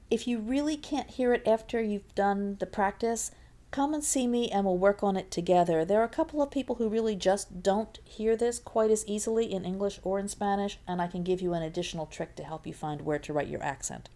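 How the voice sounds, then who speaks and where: A woman's voice: medium pitch, dark tone. A woman teaching a Spanish lesson, patiently repeating words to model their stress. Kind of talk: classroom lesson explanation.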